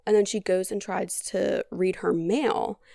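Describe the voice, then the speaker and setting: Dry, sarcastic woman with vocal fry. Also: medium pitch, steady tone, unhurried, warm tone, dry recording. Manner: chatty, heavy on "like". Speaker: podcast host. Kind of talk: casual movie recap.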